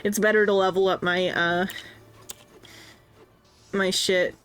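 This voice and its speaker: A woman's voice: medium pitch, fairly even intonation, takes it slowly, fairly bright tone, faint music behind, poor audio. A woman streamer chatting casually while gaming, rambling with many fillers and restarts.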